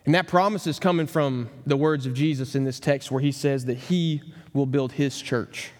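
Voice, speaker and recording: A man preaching a sermon as pastor, earnest and emphatic, slowing down to stress key phrases. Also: mid-range voice, in a large hall. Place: church sanctuary.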